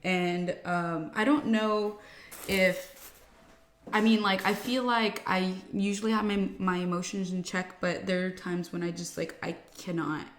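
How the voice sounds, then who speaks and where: A woman's voice: on the low side, fairly even intonation, unhurried. A woman in her twenties chatting casually while getting ready, candid and rambling with many fillers and restarts. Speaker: beauty vlogger. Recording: echoey room with faint music.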